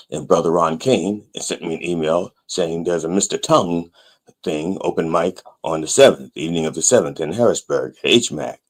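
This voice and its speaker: Low husky man, wry rambling preacher. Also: moderate pace. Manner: rambling, wry, deadpan asides. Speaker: pastor and show host. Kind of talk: comic sermon monologue.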